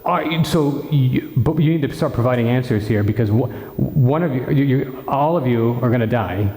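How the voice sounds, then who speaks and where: Friar guy preaching, acting out the story, mellow voice, big echoey hall. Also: mid-range voice, normal speed. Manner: animated storytelling, acting out dialogue, frequent restarts. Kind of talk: retreat talk retelling scripture. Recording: echoey hall with long reverb.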